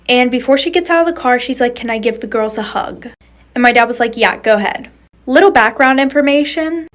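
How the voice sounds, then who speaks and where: Young woman, slightly high voice, casual storytime, blunt and sweary. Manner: blunt, swears freely, chatty asides to viewers.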